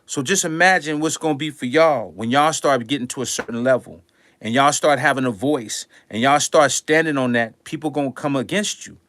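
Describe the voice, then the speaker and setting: An older man who works as a music producer delivers a passionate, preachy monologue to his audience, speaking a little fast in slangy language and repeating lines for emphasis. His mid-range voice has a fairly bright tone, and the recording is dry.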